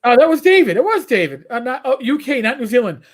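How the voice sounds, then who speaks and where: A man's voice: very high-pitched, big pitch swings, fast talker. A middle-aged man co-hosting a livestream, telling rambling stories with swearing and many restarts. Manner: rambling storyteller who swears and restarts a lot. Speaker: livestream co-host. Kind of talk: casual chat.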